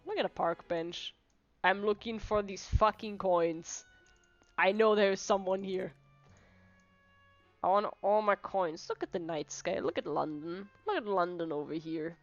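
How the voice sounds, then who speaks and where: A woman's voice: medium pitch, normal speed, no echo, lo-fi sound, faint music behind. A woman streamer giving casual, joking commentary while playing a game. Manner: joking, swearing, laughing.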